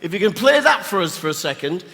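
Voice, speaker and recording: High-voiced man hosting a stage Q&A. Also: very animated, quick pace, big-room sound. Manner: jokey, laughs often. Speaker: event host. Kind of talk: live on-stage Q&A. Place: large hall with live audience.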